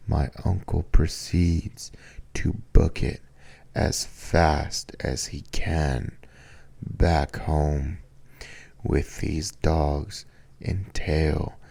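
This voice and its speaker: A young man hosting a podcast, telling a scary story in a slow, relaxed manner. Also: a bass voice, creaky, slightly rough. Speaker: podcast host.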